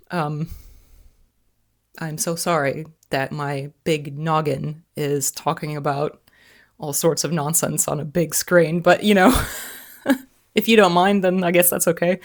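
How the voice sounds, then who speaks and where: American woman, about forty, casual vlog host; low, gravelly voice, playful and self-mocking. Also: little pitch movement, slow, long pauses, no room sound, studio quality. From United States. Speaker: vlogger host. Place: outdoors by the sea.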